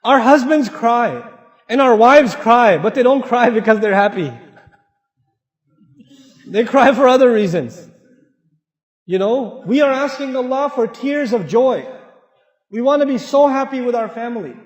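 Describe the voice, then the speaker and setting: A man with a high voice preaches a lively sermon and acts out family quarrels in other voices. His words ring around a large, echoey mosque hall with a long reverb tail. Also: a little slow, pauses often, lo-fi sound.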